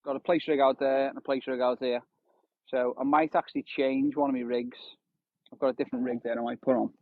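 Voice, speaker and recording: Casually talking to his stream audience as he fishes on a windy shore, a man in his thirties keeps a brisk pace and a level, medium-pitched tone. The phone recording is dry and tinny.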